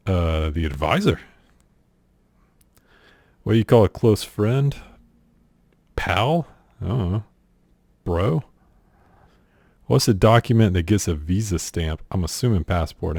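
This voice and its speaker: A young South Carolina man with a Southern accent and a low, creaky, slightly mellow voice casually tackles an accent challenge with no echo. He's a laid-back, offhand streamer reading a list of questions in a vlog, dropping "y'all" and "ain't."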